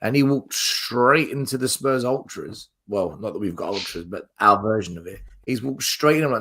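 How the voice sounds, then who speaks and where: A man's voice: fairly low pitch, expressive, normal speed, few pauses, pushed and bright. An English man, a guest on a live fan stream, telling teasing stories about a friend. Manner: teasing storyteller.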